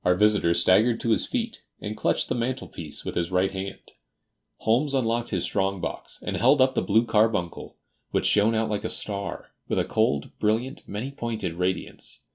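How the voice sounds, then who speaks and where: A man narrating a classic detective story for an audiobook in a measured, expressive manner. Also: on the low side. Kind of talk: scripted narration.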